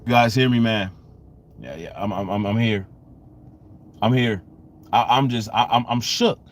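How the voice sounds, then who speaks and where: A man hosting a live-streamed sports fan rant, exasperated and repetitive, swinging between loud outbursts and low muttering. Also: a little slow, a little hiss or hum. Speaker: sports fan channel host.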